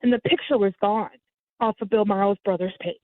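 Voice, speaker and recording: A woman telling the story of a scam in casual chat, animating it by mimicking others in a raised voice. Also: brisk. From United States. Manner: lively, mimics others with sudden high pitch jumps. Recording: tinny phone line, dry.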